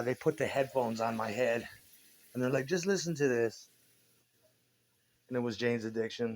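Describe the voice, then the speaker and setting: A man in his forties talks in a loose, meandering monologue. His delivery is laid-back and full of swearing, and his voice sits at an ordinary middle pitch. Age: 40s. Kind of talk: casual rambling monologue.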